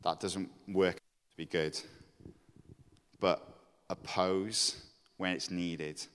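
Deep-voiced man preaching in a hall. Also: steady tone, extremely slow, fairly bright tone, clear, resonant tone. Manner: earnest, confessional, building to emphatic exhortation. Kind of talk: sermon. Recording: long reverb of a hall.

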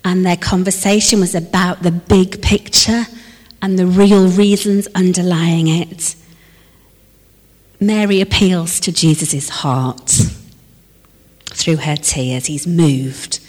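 Reverberant, unhurried woman preaching a sermon. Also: on the low side. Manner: expressive, moving between lively emphasis and hushed, slowed reflection. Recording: long reverb of a large hall.

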